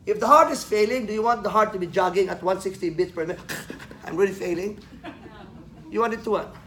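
Talking fairly quickly in a high, fairly bright voice, a man teaches a class by quizzing students and joking. He laughs at his own jokes, with the echoey lecture room adding faint noise.

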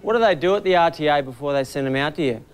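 Male Australian stand-up, deadpan self-deprecating delivery. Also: fairly high pitch, very fast. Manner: dry, self-deprecating storytelling. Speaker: stand-up comedian, presenter. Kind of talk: stand-up comedy and presenting.

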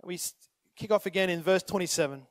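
A man preaching a sermon as pastor, swinging between urgent, rising calls and quiet appeals, sometimes acting out the people in the story. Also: sits high, fast, dry recording. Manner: impassioned, rises to urgent calls then drops to quiet; acts out voices when retelling scripture.

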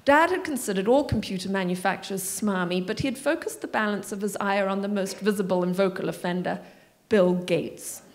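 Lively woman author reading aloud. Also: medium pitch, fairly quick. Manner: lively, expressive reading with wry asides. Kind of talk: reading from a memoir, then audience Q&A. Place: library community room.

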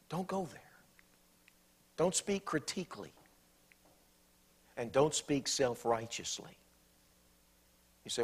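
Man, preacher, sermon, church, animated, acted-out quotes. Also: mid-range voice. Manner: animated, acts out quoted speech in bursts.

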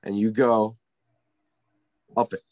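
Animated male ski instructor telling a story. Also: fairly low pitch, slow pace, no room sound. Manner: animated, keeps adding "right?" to check in. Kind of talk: casual storytelling in an interview.

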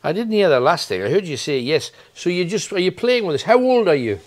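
A man's voice: high voice, sing-song, fairly quick. A man hosting a ghost hunt, persistently calling out questions to spirits inside an old building at night. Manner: persistent, questioning, coaxing then demanding. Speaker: paranormal investigator host.

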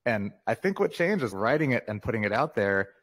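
A man in his fifties, a memoir author, talking as a podcast guest in a relaxed, reflective way and laughing often. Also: mid-range voice, brisk. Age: 50s. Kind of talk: casual interview conversation.

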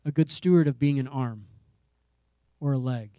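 A male pastor preaching with emphatic, repetitive rhetoric that builds in rising calls. His voice is mellow and warm, recorded close and dry with no room sound. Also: mid-range voice, normal speed, dry recording. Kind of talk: sermon.

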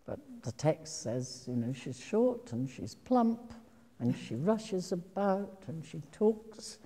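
An older actress telling stories from her career to an audience, slow and reflective, with frequent ums and soft laughs. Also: fairly low pitch, big pitch swings. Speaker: actress giving a talk. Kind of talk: anecdotal talk to an audience. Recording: long hall reverb.

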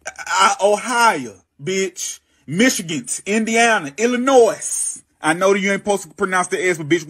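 A woman's voice: mid-range voice, a bit bright, husky. A woman from Mississippi with a Southern accent, hosting her show with a brash, sassy, profane comedic rant. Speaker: host.

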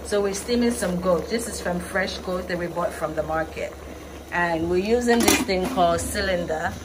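A woman, vlogging casually and explaining things plainly, often pausing to find her words. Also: lowish voice. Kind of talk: casual vlog narration. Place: outdoor porch used as a kitchen. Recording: outdoor ambient noise.

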